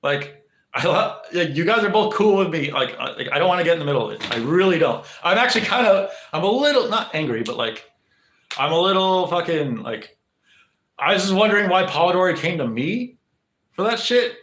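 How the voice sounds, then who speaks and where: A man's voice: sits high, big pitch swings, fairly quick, a bit bright, roomy sound, slight background noise. A young man streaming live, rambling to his chat with lots of swearing, fillers and restarts. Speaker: livestreamer.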